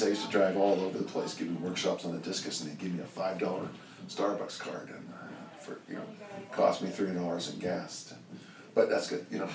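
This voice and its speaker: An older man with a very low voice talks in a loose, rambling way, circling back with "you know" as he tells his stories. He sits back from the mic in an echoey room, with faint ambience behind him. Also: darkish tone, far from the mic, slight background noise. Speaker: strength coach and guest. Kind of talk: casual interview storytelling.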